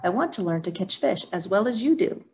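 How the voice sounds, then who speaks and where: A woman's voice: medium pitch, lively intonation, brisk, close to an everyday voice. A woman voicing a greedy, lazy male spider trickster in a storybook reading, eager and whiny.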